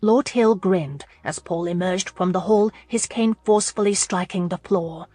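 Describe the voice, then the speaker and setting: A woman narrating a romance audiobook in a steady, measured way. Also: fairly low pitch, no room sound. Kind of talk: scripted narration.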